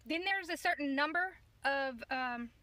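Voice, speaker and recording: Gal venting into the camera, high bright voice, dry close sound, keeps restarting herself. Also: female voice, measured pace, no room sound. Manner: indignant, rambling, self-correcting. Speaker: political vlogger. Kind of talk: casual talk to camera.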